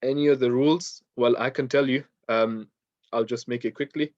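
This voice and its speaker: A man's voice: medium pitch, steady tone, normal speed, no room sound, dull audio. A man teaching an online Quran recitation class, patient and repetitive, with frequent ums and uhs.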